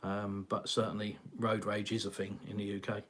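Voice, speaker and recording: A man's voice: on the low side, monotone, moderate pace, a bit bright, slight background noise. Rambling English man hosting a live chat. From England. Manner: rambling, conversational, frequent fillers and sighs. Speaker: live stream host. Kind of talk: casual live chat reading viewer comments. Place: home, in Russia.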